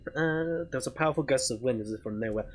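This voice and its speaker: A man's voice: mid-range voice, fast talker, slight background noise. A man streaming a story game live, chatting casually, swearing and laughing often.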